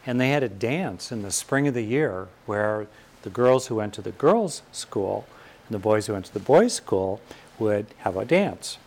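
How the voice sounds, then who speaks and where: An older Californian man gives a reflective talk on fear and courage, pausing often and lifting his emphasis on key points. His lowish voice is expressive and a little mellow.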